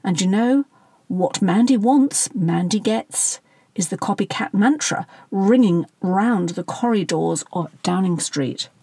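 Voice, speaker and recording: A woman doing a fretful, self-important middle-aged politician who moans and gossips about the party. His lines swing up and down in pitch, in a slightly husky voice. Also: expressive, a little slow, warm tone, dry recording. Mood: gossipy. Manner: moaning, gossipy.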